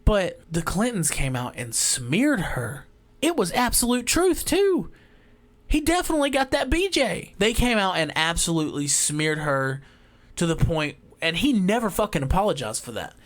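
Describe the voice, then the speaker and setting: A man with a drawl delivering a heated, profane ranting monologue as a vlogger, swinging between loud outbursts and quiet asides. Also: high-pitched, big pitch swings, moderate pace.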